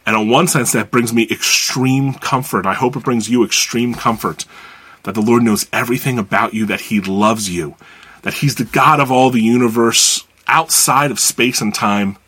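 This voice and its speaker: A man's voice: mid-range voice, moderate pace, a bit bright, slightly rough. An American man preaching a sermon as a pastor, earnest and conversational as he teaches and reads scripture. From United States.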